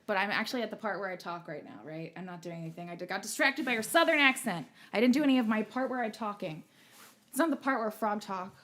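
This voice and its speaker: A woman's voice: mid-range voice, animated, fast, a bit bright. A woman hosting a livestream show, chatting casually in a rambling, self-mocking, joking way. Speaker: stream show host.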